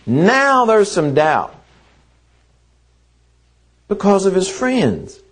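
Slow and deliberate, this male preacher's slightly high voice swings hugely in pitch as he delivers a sermon. He speaks earnestly, leaning on repeated phrases to press each point.

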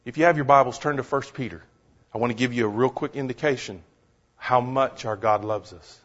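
A man's voice: medium pitch, fairly quick, a bit bright. A man preaching a sermon, emphatic, repeating words for stress and asking the listeners questions. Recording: dull lo-fi recording.

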